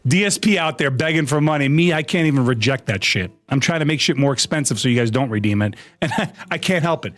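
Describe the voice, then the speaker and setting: A man's voice: fairly high pitch, lively intonation, fast talker, hardly any pauses. A man live-streaming to his chat in a casual, exasperated way, swearing and laughing a lot. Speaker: VTuber streamer.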